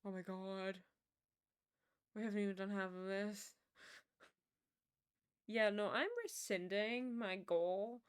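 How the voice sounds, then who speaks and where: A young woman streams and talks casually, wandering from one story to the next and laughing at herself as she goes. Her voice sits at an ordinary middle pitch for a woman. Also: steady tone, takes it slowly, pauses often, clear, resonant tone. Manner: rambling, self-amused storytelling with frequent laughs.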